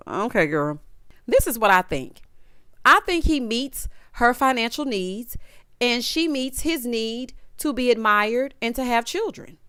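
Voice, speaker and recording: A woman's voice: on the high side, expressive, a little slow, a bit bright, clear, resonant tone, no room sound, studio quality. A woman giving a sassy, opinionated recap of a reality show and talking straight to her viewers. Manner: sassy, talks to viewers directly, acts out cast members' lines.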